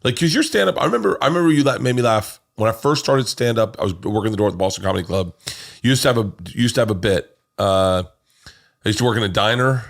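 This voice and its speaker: A middle-aged man, a comedian hosting a chat, who talks excitedly and keeps repeating and restarting his words. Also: on the low side, fast, gravelly. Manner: enthusiastic, repeats himself, stumbles over words. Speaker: podcast host, comedian. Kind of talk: casual chat.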